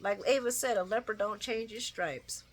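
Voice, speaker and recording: A woman's voice: medium pitch, normal speed, a little hiss or hum. A woman giving a casual late-night soap opera recap, blunt and opinionated, cursing freely and laughing often. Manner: laughs often while talking.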